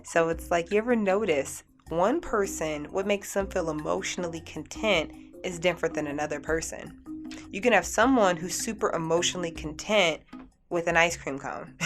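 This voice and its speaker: Female radio host, low voice, chatty and upbeat; faint music under the talk. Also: moderate pace. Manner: chatty, upbeat, full of "like" and restarts. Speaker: radio show host and energy healer. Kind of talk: casual talk radio monologue.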